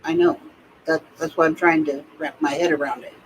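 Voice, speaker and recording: A man's voice: fairly high pitch, steady tone, brisk, slight background noise, poor audio. A man co-hosting a casual chat, mostly chiming in with short agreeing remarks. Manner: brief agreeing interjections.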